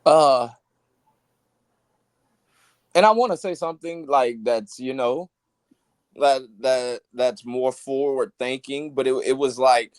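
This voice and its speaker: A man talking as a musician guest in a casual interview, loose and halting, with lots of fillers and "you feel me" tags. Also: mid-range voice, no room sound.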